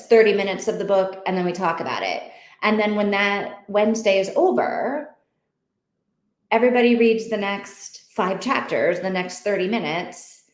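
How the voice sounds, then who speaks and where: A woman's voice: mid-range voice, echoey room. A woman hosting an online reading group, chatting casually and thinking aloud with many fillers. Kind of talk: casual livestream chat.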